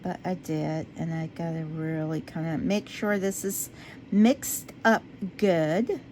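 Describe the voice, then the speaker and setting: A resin craft vlogger chats casually to her viewers while working on a project, taking it slowly. She talks to herself as she works and drifts into low, quiet talk when concentrating, with slight background noise.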